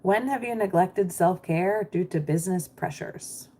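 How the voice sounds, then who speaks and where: A lower-pitched woman talks straight into her computer mic on a livestream. She is a middle-aged American business coach, chatty and reassuring, answering viewers as she reads the chat. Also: measured pace, warm tone.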